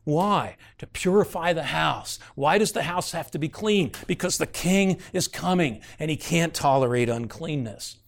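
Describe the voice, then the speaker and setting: This man's voice is fairly high, animated and creaky, with a measured pace and few pauses. He reads Bible passages aloud and explains them as he teaches through the book, earnest and conversational, often saying "uh" and suddenly punching key words.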